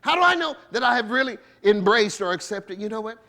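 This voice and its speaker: A man's voice: sits high, animated, a little fast, vocal fry, sharp tone. A man preaching a sermon as a bishop, conversational and playful, asking the congregation rhetorical questions and laughing between points, with features.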